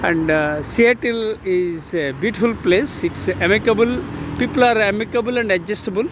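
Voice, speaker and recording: A man in his sixties strolls through city streets filming a casual vlog on a handheld phone, which captures the surrounding traffic noise. He speaks in a high voice, slowly and hesitantly, leaning on fillers and repeating words.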